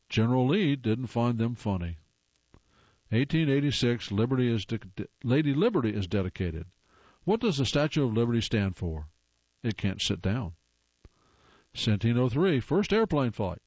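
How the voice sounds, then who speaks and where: A man's voice: mid-range voice, a little mellow, dry recording, highs cut off. A man hosting a show, casually reading corny jokes aloud and groaning wryly at how bad they are. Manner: reads jokes then groans at them wryly.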